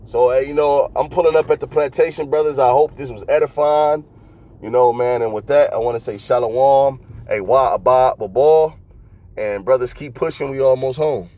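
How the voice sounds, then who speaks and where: A man preaching casually to his brothers while driving, exhorting them with many fillers and a repeated "man", and reading scripture aloud in slow phrases. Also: fairly high pitch, mellow. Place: inside a car.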